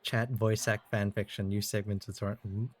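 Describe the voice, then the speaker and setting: A man's voice: on the low side, level tone, normal speed, dry recording. Easygoing man streamer, dry sound. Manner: easygoing, thinks aloud. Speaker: streamer hosting story time. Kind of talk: casual live-stream chat.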